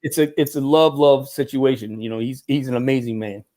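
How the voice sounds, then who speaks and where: A middle-aged man, a former Marine, tells animated stories in a casual interview, laughing often and restarting his sentences. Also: medium pitch, brisk. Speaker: guest, former Marine turned film military advisor.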